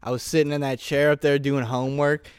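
A man's voice: mid-range voice, level tone, fast, smooth, no room sound, studio quality. A young man co-hosting a podcast, chatting casually with crude jokes and acting out his own stories. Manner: joking, swearing, acts out stories. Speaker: podcast co-host. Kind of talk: casual crude comedy chat.

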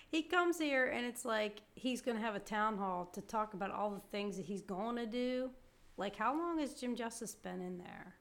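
A woman's voice: mid-range voice, moderate pace, a bit bright. A woman in casual political chat, agreeing and adding her own commentary. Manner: agreeable, backs up and adds commentary.

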